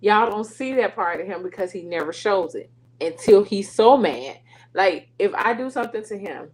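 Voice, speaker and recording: Middle-aged woman, faith show host, chatty and animated storytelling, laughs a lot. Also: mid-range voice, moderate pace, low-quality recording. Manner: animated, laughing, slips into dialect and quoted voices. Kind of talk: casual storytelling to listeners.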